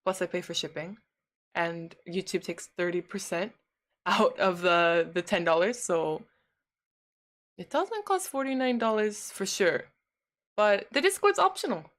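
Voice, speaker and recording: A woman's voice: mid-range voice, lively intonation, a little slow. A woman livestreaming from home, casually chatting and answering viewer messages, laughing often.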